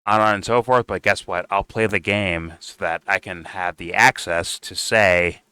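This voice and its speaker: A man with a lowish voice, smooth and clear, reacting to a debate clip. He mocks the speakers with sarcasm and curses often. The sound is dry and close to the mic. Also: fairly even intonation, normal speed, sharp tone, no echo. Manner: sarcastic and mocking, swears freely. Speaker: commentary streamer. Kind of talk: reaction commentary.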